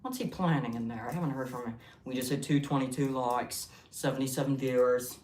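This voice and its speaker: Low-voiced woman rambling on livestream. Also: brisk, darkish tone. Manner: rambling, scattered, jokey. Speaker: livestream host. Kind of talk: casual livestream chat. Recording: echoey room, distant mic, faint noise.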